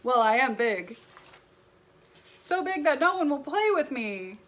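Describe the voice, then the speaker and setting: A woman voicing a big, lonely creature from a picture book who wants someone to play with, speaking in a loud, declaring way. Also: high-pitched, very animated, a little slow, pitched above the performer's own voice, full character voice. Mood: earnest.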